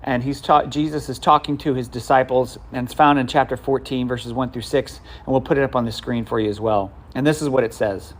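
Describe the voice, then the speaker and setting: A man's voice: mid-range voice, fairly even intonation, fairly quick, few pauses. A man preaching a sermon in a conversational way, with asides, restarts and questions to the congregation. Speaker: pastor.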